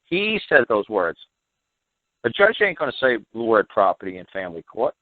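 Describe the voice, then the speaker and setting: Low-voiced man lecturing over a phone line. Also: sing-song, normal speed, dry recording. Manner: emphatic and repetitive, exasperated lecturing. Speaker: guest expert on a call-in show. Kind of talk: heated call-in talk. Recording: dry, tinny phone line.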